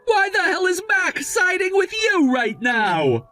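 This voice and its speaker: A man's voice: high voice, big pitch swings, slow pace, soft background music, full character voice. A man playing a furious cheating groom. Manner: shouting, indignant outbursts. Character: scheming, hot-tempered young man caught stealing.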